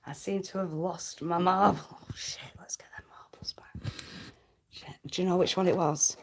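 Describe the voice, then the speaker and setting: A woman's voice: fairly low pitch, fairly even intonation, moderate pace, whispered. A woman with a Lancashire accent, chatting rambly on a livestream and reading viewer comments aloud. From Lancashire, England. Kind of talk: casual livestream chat.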